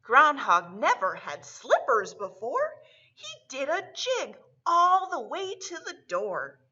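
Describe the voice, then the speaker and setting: A woman's voice: sits high, huge pitch swings, muffled recording. A woman librarian reading a picture book aloud and leading a storytime for children. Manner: warm, slow, sing-song delivery for kids.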